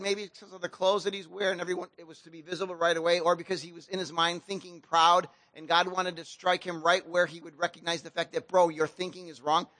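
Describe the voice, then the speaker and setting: A man pastor retelling a scripture story in relaxed, slangy speech, with a high and bright voice. He speaks with lively, animated emphasis. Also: no echo. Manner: casual slang-laced preaching, animated storytelling. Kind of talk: sermon.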